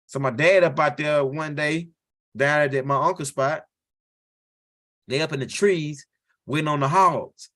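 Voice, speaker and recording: A man's voice: a little high, steady tone, unhurried, pauses often, bright, forceful tone. A male stand-up comedian telling a rambling, profane story and checking in with the crowd with "right?". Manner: loose, profane storytelling with frequent "right?" tags.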